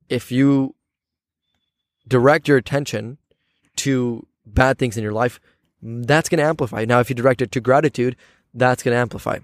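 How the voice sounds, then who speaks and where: A man's voice: mid-range voice, dry recording, clean studio sound. A man hosting a podcast, talking things through in a reflective, casual way and often checking in with his listener. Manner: thoughtful, keeps checking in with "right?". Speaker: podcast host. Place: outdoors on campus steps.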